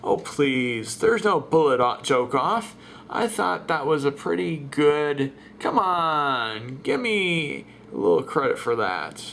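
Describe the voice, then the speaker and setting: A man plays an excited, rambling middle-aged radio caller in a comic voice-over dub. The voice is gravelly and slow, lurching up and down in pitch as he repeats himself and loses his thread. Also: a little hiss or hum, heavily acted. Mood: insistent.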